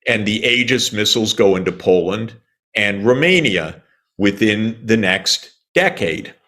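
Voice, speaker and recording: A man's voice: lowish voice, animated, a little slow, pushed and bright. An older man from the United States, answering an interviewer in an emphatic, indignant way with sarcastic asides and the odd cough. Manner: coughs at times. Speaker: interview guest, economist.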